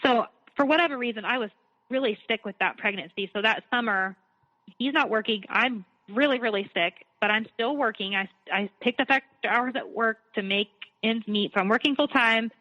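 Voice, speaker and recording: Bright-voiced woman telling her story. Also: on the high side, moderate pace. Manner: earnest, conversational, frequent restarts. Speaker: interview guest. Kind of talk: candid personal storytelling. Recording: dull lo-fi sound.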